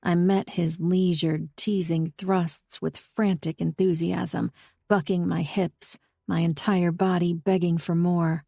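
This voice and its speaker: A woman reading a first-person audiobook novel in a steady, intimate way. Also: on the low side, takes it slowly, vocal fry, dry recording, studio quality. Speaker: audiobook narrator. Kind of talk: scripted first-person narration.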